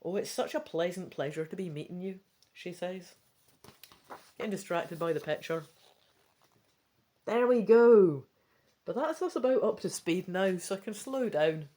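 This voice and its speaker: A woman with a Scottish accent reading a gamebook aloud, breaking off into chatty, quick asides. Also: fairly low pitch, animated, mellow. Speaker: gamebook reader. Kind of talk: casual read-through with chatty asides.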